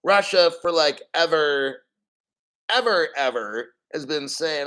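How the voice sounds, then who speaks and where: Crypto stream host, a man in his fifties, slightly high voice, swears freely and rants with sarcasm. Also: animated, slow, sharp tone, low-quality recording. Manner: profane, ranting, sarcastic. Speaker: crypto news show host. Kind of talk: livestream news commentary.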